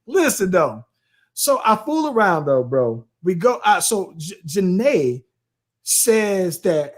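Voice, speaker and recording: A man in his late thirties, co-hosting a podcast and telling a story in an animated, slangy way, often tossing in "bro" and "right?". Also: very high voice, normal speed. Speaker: podcast co-host. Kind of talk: casual storytelling chat.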